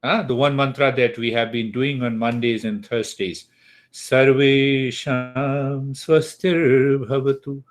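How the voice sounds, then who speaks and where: A man teaching an online class on mantras, speaking deliberately and checking in with his students. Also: mid-range voice, steady tone. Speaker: spiritual teacher.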